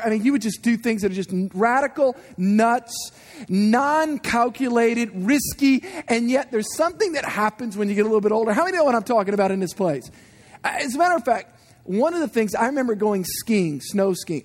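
A man in his forties preaching a sermon, telling animated personal stories and asking the congregation questions. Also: high voice. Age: 40s. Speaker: guest preacher.

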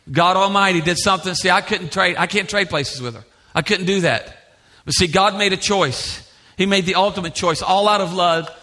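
A middle-aged man preaching a sermon in a church, telling stories in a conversational way and asking the congregation questions. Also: on the high side. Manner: storytelling, animated and conversational, asks the congregation questions. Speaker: pastor.

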